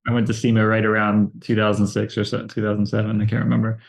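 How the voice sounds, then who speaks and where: Male host, low monotone, halting questions, casual interview. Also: gravelly, poor audio. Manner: halting, restarts words often. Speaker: podcast host.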